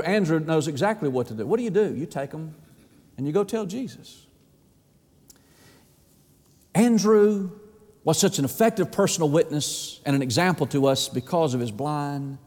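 A pastor preaching a sermon with emphatic repetition, swinging between loud pleas and soft asides. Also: male voice, on the high side. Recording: long reverb of a church hall.

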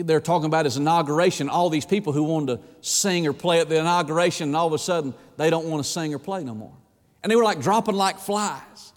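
A male pastor preaching a sermon with fervor, swinging between urgent bursts and slow, hushed emphasis. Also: on the high side, big-room sound.

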